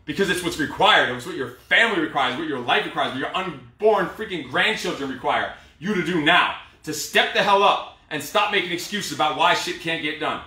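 A man's voice: on the high side, animated, fairly quick, hardly any pauses. A man, a fitness trainer, calling out workout combos and giving a blunt, profane pep talk, out of breath. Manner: shouted drill cues, profane motivational talk. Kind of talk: live workout coaching. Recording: echoey room, from far off mic.

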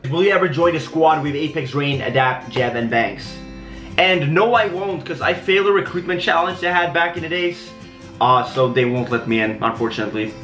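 A man's voice: fairly high pitch, animated, a little fast, fairly bright tone, reverberant, faint music behind. A young man from Sweden with a Swedish accent, answering fan questions in a loose, joking way and swearing freely. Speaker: YouTuber. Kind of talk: casual Q&A vlog.

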